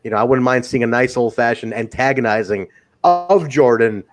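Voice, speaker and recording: A man's voice: medium pitch, normal speed, music in the background. A man hosting a wrestling podcast, chatting casually, swearing now and then and reading viewer comments aloud. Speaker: podcast host.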